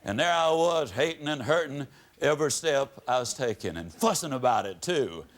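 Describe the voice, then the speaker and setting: A man gives a motivational speech to a live audience from the stage, spinning folksy stories with big rises and falls in his voice. He speaks mid-range, with lively intonation and a moderate pace.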